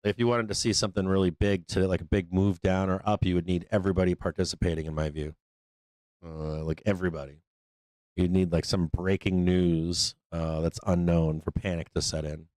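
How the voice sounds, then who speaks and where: A man's voice: low voice, fairly even intonation, a little fast, darkish tone, no room sound. A man hosting a live stock trading stream, talking loosely and profanely with lots of fillers. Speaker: trading show host. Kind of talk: casual live-stream market commentary.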